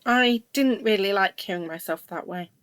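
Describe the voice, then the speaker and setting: A woman narrating a first-person story in a steady, scripted reading voice. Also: mid-range voice, moderate pace, no echo.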